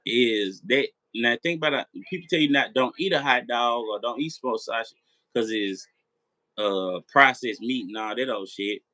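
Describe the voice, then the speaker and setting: A man's voice: medium pitch, normal speed, pushed and bright, no room sound, poor audio. A man hosting a late-night live chat, rambling, repeating himself and swearing as he talks straight to his viewers. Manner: rambling, repetitive, profane. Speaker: live stream host.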